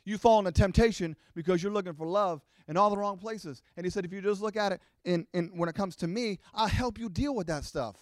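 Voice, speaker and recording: High-voiced man preaching a sermon. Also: a little fast, hardly any pauses, no room sound, clean studio sound. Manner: animated preaching, acting out voices of the congregation. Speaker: pastor.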